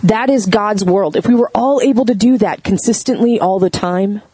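A woman pastor preaches in a loose, conversational way. She tells a story with lively energy and throws questions out to the congregation. Her voice sits at an ordinary middle pitch. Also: normal speed, slightly rough, no echo, poor audio. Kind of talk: sermon.

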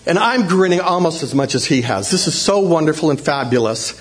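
A man with a fairly high voice tells a personal story to a congregation. He is animated and acts out shouts in a raised voice. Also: fairly quick, hardly any pauses, noisy background. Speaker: church speaker telling a testimony.

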